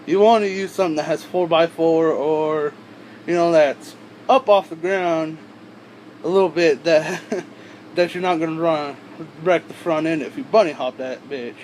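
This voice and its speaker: Young male vlogger, high voice, rambling and crude, faint hum behind. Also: a little slow, darkish tone, low-quality recording. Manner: rambling, profane, with frequent asides and restarts. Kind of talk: rambling casual storytelling.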